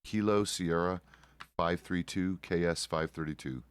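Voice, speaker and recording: Low-voiced middle-aged male streamer. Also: fairly even intonation, unhurried, clean tone. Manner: rambling, self-correcting, casual swearing. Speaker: streamer playing a deputy. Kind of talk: casual roleplay stream chat.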